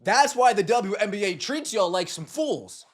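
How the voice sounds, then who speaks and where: This podcast host's voice sits high and animated, moving at a normal speed. He offers sarcastic, scornful takes on sports, ridiculing other people's words by repeating them in silly voices.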